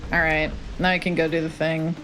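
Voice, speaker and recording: A woman's voice: sits low, level tone, a little fast, over music. A young woman streaming a retro game, chatting casually, joking and answering chat. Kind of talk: casual live-stream chat while playing.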